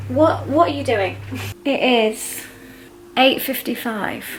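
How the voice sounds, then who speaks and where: A young British woman talks to a handheld camera in her home kitchen. She rambles in a relaxed, chatty way with plenty of fillers and asides, and a faint background hiss sits under her voice. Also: on the high side, slow, poor audio. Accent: British English. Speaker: lifestyle vlogger. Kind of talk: casual vlog chat to camera.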